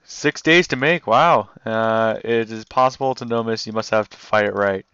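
A man giving excitable let's play commentary, swearing and yelling at the game. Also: fairly low pitch, moderate pace, clean tone, no echo, dull audio. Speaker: gamer.

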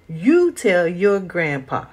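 A woman's voice: low-pitched, very animated, slow, fairly bright tone, husky, heavily acted. A woman voicing a stubborn, grumpy old talking mule in a storybook, snappish and defiant.

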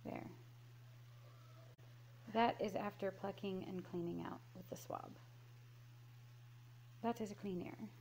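A woman dog groomer casually explains her work while working in a grooming room, cooing soothingly to the dog now and then. Her mid-range voice is a little mellow, with fairly even intonation, a slow pace, and frequent pauses. It was captured on a handheld camera amid the noise of the grooming room.

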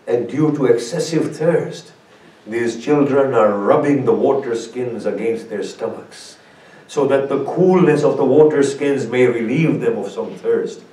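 A man as a sheikh giving a mournful sermon, telling a story slowly with dramatic pauses. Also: medium pitch, dark tone. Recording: echoey hall, speaker far from mic.

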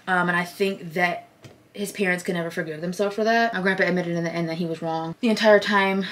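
A young woman in her twenties telling a personal story in a casual vlog, candid and chatty, talking to a phone camera at home. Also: on the low side. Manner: candid, chatty, filler-heavy with frequent "like". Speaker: vlogger. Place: indoors at home. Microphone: phone camera at close range.

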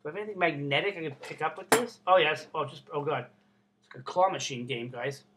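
A young man from Canada vlogging casually, excitable and swearing constantly. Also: a little high, fast talker. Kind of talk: casual unboxing vlog.

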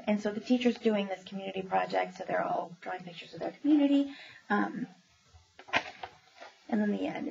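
Chatty lady librarian going over new kids books, gravelly voice, lots of ums, dull lo-fi recording w faint hiss. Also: mid-range voice, a little mellow. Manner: chatty and enthusiastic, with many ums and retellings. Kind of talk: casual book talk. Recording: dull lo-fi sound with faint noise.

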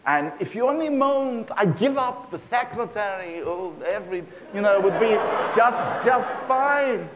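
A man's voice: sits high, animated, measured pace, few pauses, lo-fi sound, some chatter behind, slight background noise, voice pushed up. A man voicing a sheepish husband confessing to his wife, in a joke told on stage. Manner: apologetic, confiding. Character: sheepish middle-aged husband.

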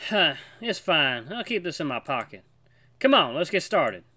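A man reading a visual novel aloud, voicing a good-natured old lion grandpa with a gentle, folksy manner. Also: fairly high pitch, big pitch swings, normal speed, no room sound, voice pushed up, full character voice. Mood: kindly.

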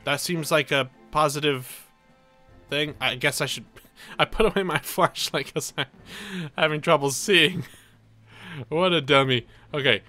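Young male gameplay commentator, bright and higher-pitched, jumpy and theatrical. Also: measured pace, soft background music. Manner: excitable, dramatic self-narration. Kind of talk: let's play commentary.

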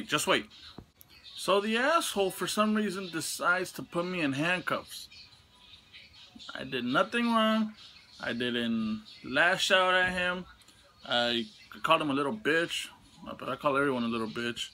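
A young man vents through a storytime vlog with a bright, ringing voice. He swears freely and his pitch spikes into angry highs. Faint music plays behind him. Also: lively intonation, a little slow. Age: young adult. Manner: profane, heated venting with sudden high outbursts. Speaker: vlogger telling a story. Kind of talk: casual storytime rant.

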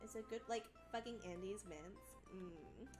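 A man's voice: sits high, a little slow, music in the background. A trans man putting on a sassy, profane valley girl voice during casual live-stream banter. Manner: profane, drawling, mock-snobbish.

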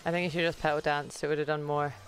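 A man's voice: on the high side, flat delivery, racing, fairly bright tone. A man from the UK chatting casually during a game stream, bossy and laughing often. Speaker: co-player, streamer guest. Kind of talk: casual gameplay chat.

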